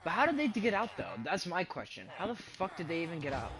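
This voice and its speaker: A man's voice: high-pitched, sing-song, quick pace, background noise. A man commentating his game casually, muttering to himself, puzzled and swearing, counting aloud under his breath. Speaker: gamer.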